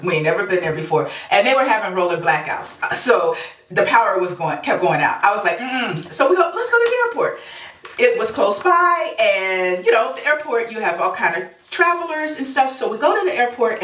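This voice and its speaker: A woman's voice: mid-range voice, fairly bright tone, far from the mic. A woman vlogger telling a story in a chatty way while she counts cash aloud, laughing often. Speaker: budgeting vlogger. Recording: echoey room, voice off-mic, faint noise.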